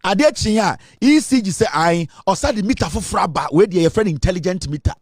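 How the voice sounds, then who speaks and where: A man's voice: sits high, expressive, fast, no echo, clean studio sound. A man with a Ghanaian accent giving sarcastic live political commentary, laughing often and stumbling as he reads news aloud.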